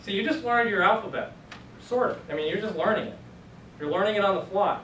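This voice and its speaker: A man's voice: high voice, brisk, a bit bright. A man teaching a Bible Greek class, joking and encouraging, thinking aloud as he goes. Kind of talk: classroom lecture. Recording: echoey room from a distant mic with noise.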